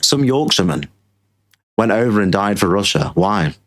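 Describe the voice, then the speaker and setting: A man's voice: fairly low pitch, very animated, normal speed. A British man hosting a political show, ranting in casual commentary and repeating himself. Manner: ranting, repetitive, mocking put-on voices. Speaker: show host.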